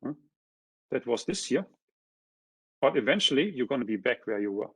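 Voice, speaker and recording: Male economist, seminar lecture, husky tone, dry sound, keeps checking in with listeners. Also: medium pitch, very animated, normal speed, no room sound. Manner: checks in with frequent tag questions; points through a figure step by step. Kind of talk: academic lecture explaining graphs.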